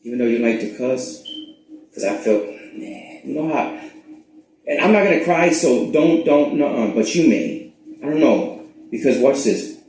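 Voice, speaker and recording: A man hosting his own spiritual channel, rambling in a profane, casual monologue that swings between loud bursts and hushed asides. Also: mid-range voice, expressive, moderate pace, pauses often. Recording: very echoey room.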